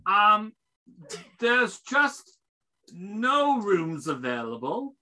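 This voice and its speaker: A game master voicing a rugged middle-aged male innkeeper who stalls and calls people "mate", slow and bright-toned. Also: medium pitch, sing-song, pitched above the performer's own voice, full character voice, rough recording. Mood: evasive. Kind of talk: tabletop role-play voice.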